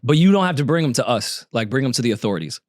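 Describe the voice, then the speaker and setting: Wry podcast man, lively swoops. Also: mid-range voice, very fast, dry recording, clean studio sound. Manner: wry, laughing jokes. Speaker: podcast co-host. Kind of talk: casual podcast banter. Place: podcast studio. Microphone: studio microphone.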